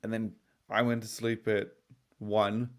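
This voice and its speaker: A man's voice: fairly low pitch, little pitch movement, measured pace. Tired, profane man rambling on a podcast. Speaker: podcast co-host. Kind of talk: casual podcast chat.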